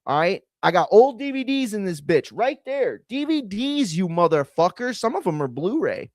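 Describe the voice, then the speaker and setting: A man streaming a profane, ranting commentary on combat sports, excitable and blunt. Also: sits high, normal speed, dry recording, clean studio sound. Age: adult. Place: home room with bookshelves.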